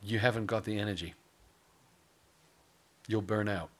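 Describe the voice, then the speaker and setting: Low-voiced pastor preaching conversationally. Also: male voice, steady tone, unhurried. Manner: conversational preaching with asides and humor. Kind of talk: sermon.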